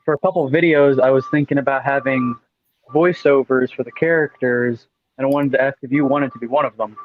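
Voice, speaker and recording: Fast-talking man on lo-fi call. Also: medium pitch, steady tone. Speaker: stream guest. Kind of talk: casual chat.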